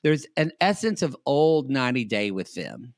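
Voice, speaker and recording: A man's voice: medium pitch, big pitch swings, no echo, studio quality. A man co-hosting a podcast, riffing wryly in casual chat about reality TV. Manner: wry, quick-witted riffing. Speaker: podcast co-host.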